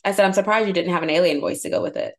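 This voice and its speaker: A woman's voice: lowish voice, racing. A woman co-hosting a casual podcast, bantering with her co-host and laughing along. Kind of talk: casual chat.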